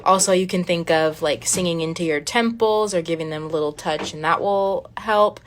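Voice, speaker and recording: A woman's voice: fairly low pitch, moderate pace, slight background noise. A woman singer answering fan questions in casual chat on a phone live stream. She laughs often, restarts phrases and trails off.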